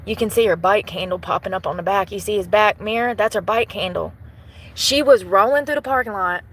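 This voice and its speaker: A woman's voice: mid-range voice, a little fast, a bit bright. A woman live-streaming from her parked truck on her phone. She chats casually with her viewers, laughs often and greets them by name.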